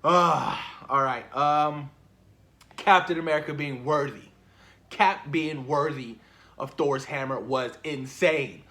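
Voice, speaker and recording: Dude fanboying over a movie, kinda high voice, swears a lot, keeps repeating stuff. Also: male voice, slow pace. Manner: excited, profane, repeats himself. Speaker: movie reviewer. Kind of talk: casual spoiler talk.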